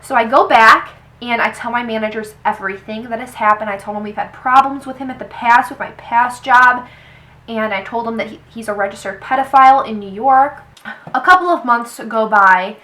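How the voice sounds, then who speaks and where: A young woman vlogger telling a personal story to the camera. She talks in an animated way and quotes people with "he's like.". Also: fairly high pitch, moderate pace, poor audio. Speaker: beauty vlogger. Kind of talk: storytime vlog.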